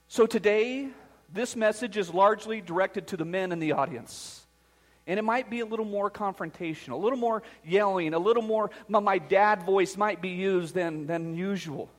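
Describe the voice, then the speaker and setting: Middle-aged man, pastor, high voice, emphatic sermon delivery, church with long reverb. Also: moderate pace. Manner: earnest, emphatic preaching. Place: church sanctuary. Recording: long reverb of a large hall.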